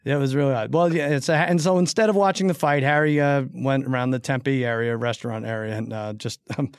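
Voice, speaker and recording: A man's voice: mid-range voice, steady tone, brisk, smooth, dry recording, clean studio sound. A man hosting a casual sports betting podcast, teasing his co-hosts and laughing often. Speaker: podcast host.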